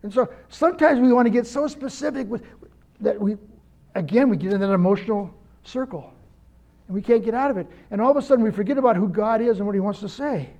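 An older male pastor with a high, darkish voice preaches quickly in a conversational sermon. He is earnest and personal, using stories to make his point.

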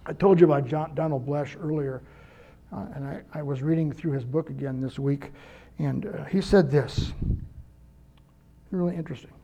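A man's voice: fairly high pitch, moderate pace, gravelly, long pauses, dark tone, muffled recording. An older man preaching a conversational sermon, earnest and personal, telling stories to make his point. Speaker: pastor.

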